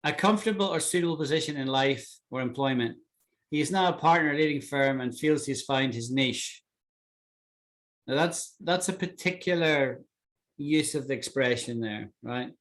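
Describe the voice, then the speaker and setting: A man's voice: mid-range voice, normal speed, a bit bright. A man teaching English vocabulary in an online class, explaining and checking in with students often. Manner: explains with many "right?" checks.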